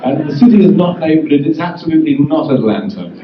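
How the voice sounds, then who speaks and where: A man's voice: fairly high pitch, very animated, quick pace, background noise. Wry English man on a distant stage. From England. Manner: wry, self-mocking, laughs at himself. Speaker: guest singer-songwriter. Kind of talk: chatty stage patter between songs with guitar. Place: convention hall stage. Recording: roomy, distant, dull old tape of hall. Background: guitar playing.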